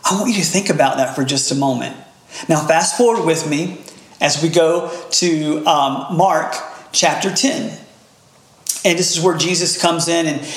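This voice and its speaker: A middle-aged man preaching a sermon as pastor, animated and building to emphatic peaks. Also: on the high side. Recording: echoey room.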